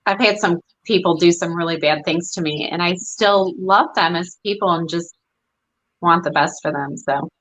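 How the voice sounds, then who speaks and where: A woman's voice: fairly low pitch, moderate pace, fairly bright tone, low-quality recording. A woman from Las Vegas joining a podcast chat on a video call, speaking in an earnest, sincere way. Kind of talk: casual chat.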